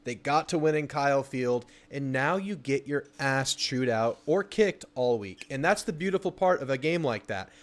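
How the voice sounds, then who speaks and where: A man's voice: medium pitch, animated, moderate pace, few pauses. A man hosting a sports call-in show, talking casually with blunt, enthusiastic energy.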